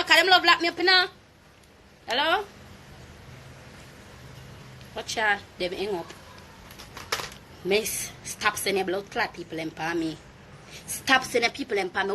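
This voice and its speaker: A young woman with a Jamaican accent, ranting loudly and profanely on a phone livestream, taunting a rival. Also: sits high, lively intonation, normal speed, long pauses, slight background noise. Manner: loud, profane, taunting rant. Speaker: Instagram live streamer. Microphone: phone mic.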